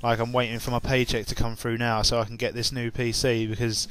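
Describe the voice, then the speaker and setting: A man's voice: mid-range voice, level tone, brisk, fairly bright tone. A young English man with an English accent chatting casually to his viewers, rambling with lots of fillers and restarts. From England. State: just woken up and tired, with hiccups. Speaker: YouTuber. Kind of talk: casual chat to camera.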